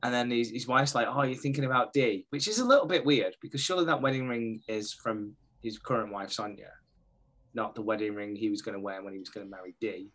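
A man's voice: on the low side, fast, fairly bright tone. A man co-hosting a podcast, recapping a series in a rambling, laughing way. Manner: rambling, laughs often, acts out characters. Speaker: podcast co-host. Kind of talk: casual chat recapping a series.

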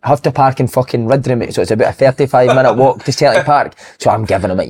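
A Scottish man on a football podcast, rattling through a story at a quick clip. His pitch sits right in the middle, and he swears freely in his casual chat. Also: darkish tone, breathy edge. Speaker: podcast host.

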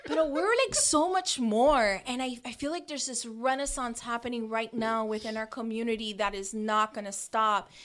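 A woman with a Miami accent talking casually on a podcast, her voice a little high and very bright. She is animated and slangy, mixing Spanish words into her English. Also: normal speed, hardly any pauses. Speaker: guest.

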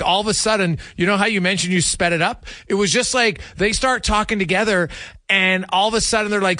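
A man's voice: high voice, pushed and bright, no room sound, studio quality. A middle-aged man hosting a radio show, chatting eagerly with a guest. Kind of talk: casual interview chat.

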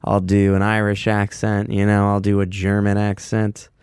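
A man's voice: normal speed, clear, resonant tone, no echo, studio quality. A man hosting a casual solo podcast, rambling loosely with lots of swearing, filler words and self-mocking asides. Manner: loose, self-mocking, lively swings in pitch. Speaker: podcast host.

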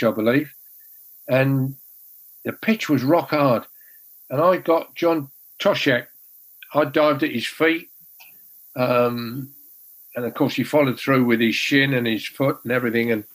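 A man's voice: medium pitch, poor audio. An older man, a former goalkeeper telling rambling, self-deprecating stories with many restarts. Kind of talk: casual anecdote telling.

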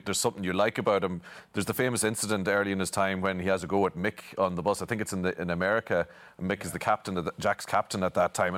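A man, hosting an interview and asking long questions in a quick, stumbling way. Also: deep voice, fairly bright tone. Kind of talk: casual interview.

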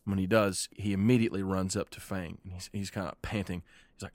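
A man narrating a tabletop game podcast as game master, relaxed and rambling. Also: low voice, a little fast, no echo. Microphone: podcast mic.

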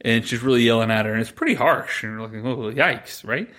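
A man co-hosting a podcast, retelling a movie plot in a rambling, animated way, quoting the characters as he goes. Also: medium pitch, brisk. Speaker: podcast co-host. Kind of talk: casual chat recapping a movie.

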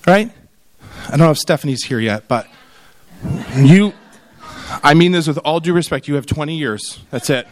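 A man's voice: high-pitched, normal speed. A middle-aged man giving a humorous keynote speech, telling stories and acting out the people in them. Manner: animated storytelling, acts out quoted voices. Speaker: conference keynote speaker.

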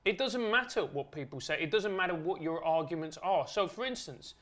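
A podcast guest with a fairly high, bright and forceful voice. He argues earnestly, stacking his points in steady, repeated phrases. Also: a little fast. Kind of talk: conversational argument.

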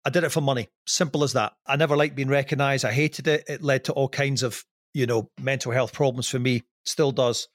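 A man's voice: mid-range voice, steady tone, brisk, hardly any pauses, no room sound, clean studio sound. A middle-aged man with a Scottish accent, speaking as a podcast guest in a candid, rambling, self-deprecating way with many restarts. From Scotland. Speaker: podcast guest, former TV presenter. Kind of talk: casual podcast interview.

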